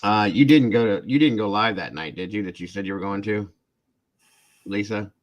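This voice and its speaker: A man's voice: fairly low pitch, normal speed, dull audio. A man in his forties hosting a casual livestream chat, telling rambling, self-deprecating stories about his family. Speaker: channel host.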